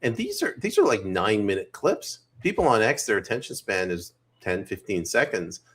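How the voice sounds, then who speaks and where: A man co-hosting a podcast, giving measured, wry opinions on politics in casual conversation. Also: fairly low pitch, huge pitch swings, fairly bright tone, husky. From Canada. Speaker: podcast co-host.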